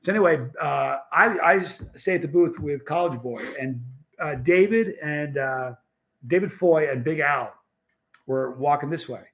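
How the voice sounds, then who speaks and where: Rambling male livestream host, slightly high voice. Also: normal speed, creaky, phone-quality sound. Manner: rambling storyteller, greets chat viewers. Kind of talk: casual livestream chat.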